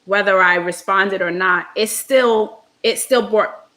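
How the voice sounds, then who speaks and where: A woman's voice: mid-range voice, takes it slowly, pushed and bright. A woman hosting a casual heartfelt chat, talking in an earnest, reflective way with lots of ums. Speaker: host.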